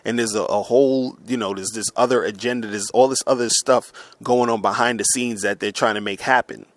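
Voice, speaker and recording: A man's voice: medium pitch, fairly even intonation, brisk, dry recording. Angry, profane man ranting. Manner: angry, profane, stumbling restarts. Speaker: online men's coach. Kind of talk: heated monologue rant. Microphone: audio recording for upload.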